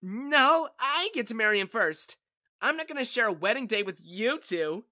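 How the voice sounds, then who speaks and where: A man playing a loud, possessive young sister. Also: fairly even intonation, a little slow, full character voice. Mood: protesting. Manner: shrill and protesting.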